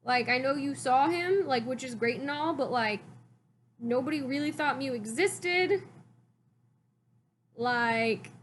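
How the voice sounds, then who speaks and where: A woman's voice: high-pitched, slow pace, long pauses, slight background noise. A woman vlogger rambling casually, with many "like"s, as she recaps a cartoon. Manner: rambling, heavy use of "like".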